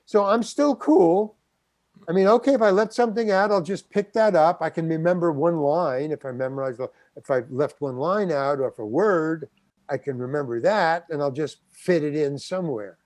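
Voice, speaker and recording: A man's voice: a little high, moderate pace, darkish tone, dry recording. An older man, a guest actor, telling a story in an interview and acting out the quotes. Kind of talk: anecdotal storytelling.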